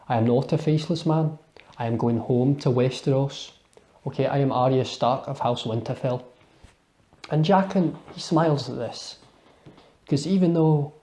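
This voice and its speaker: A young man with a Scottish accent talks through a TV episode in a casual live commentary. He rambles, restarts his sentences and drops in small laughs, with a voice of ordinary middle pitch. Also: darkish tone. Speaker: TV episode reviewer.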